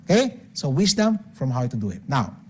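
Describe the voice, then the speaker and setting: A man's voice: mid-range voice, sing-song, moderate pace, slight background noise. An older man with a Filipino accent giving an emphatic seminar talk on money, switching between English and Tagalog and checking in with "okay?". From Philippines. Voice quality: emphatic, punctuates points with "okay?". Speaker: financial speaker.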